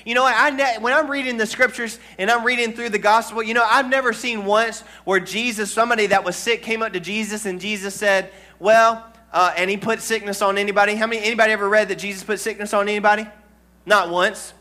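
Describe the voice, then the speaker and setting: Pastor guy giving a sermon, pretty high voice, keeps asking the room to say amen. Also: steady tone, quick pace, pushed and bright. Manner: call-and-response preaching to a congregation. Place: church.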